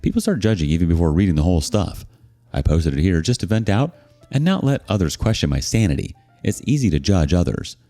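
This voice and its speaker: A man narrating a reader's story as scripted narration, expressive and sarcastic in his asides. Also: deep voice, a little fast, soft background music.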